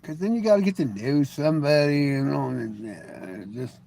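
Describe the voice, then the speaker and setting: On the high side, warm, and marked by vocal fry, a middle-aged man's animated voice moves at normal speed as he hosts a live stream. He chats loosely with viewers, rambling and joking with plenty of restarts and "you know."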